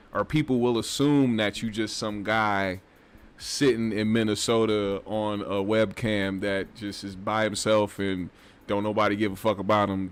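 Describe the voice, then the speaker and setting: A man hosting a casual commentary show, talking in a loose, rambling and profane way. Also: on the low side. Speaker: host.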